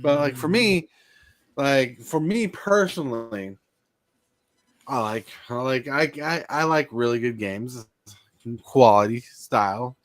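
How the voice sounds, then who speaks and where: A man's voice: animated, slow pace. A man co-hosting a casual podcast chat, rambling with lots of fillers and repeated words. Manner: rambling, repeats himself, gets defensive and shrill. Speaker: podcast co-host.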